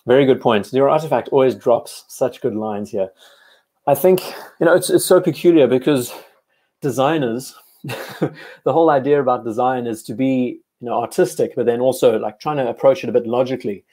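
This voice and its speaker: Mellow-voiced South African man chatting. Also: mid-range voice, moderate pace. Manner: chatty, enthusiastic, frequent restarts. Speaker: live-stream host. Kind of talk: casual live-stream chat reading viewer comments.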